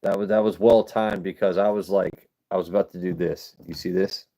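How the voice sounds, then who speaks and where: A man's voice: sits low, fairly even intonation, a little fast, gravelly, warm tone. A man hosting a casual livestream, rambling and swearing as he chats with his viewers. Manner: rambling, profane, chatting with viewers. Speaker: livestream host.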